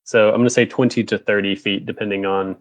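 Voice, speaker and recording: A man playing a tabletop game, joking in a relaxed way. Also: lowish voice, fast, no room sound. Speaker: player. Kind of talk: casual tabletop play. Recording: dry, dull mic sound.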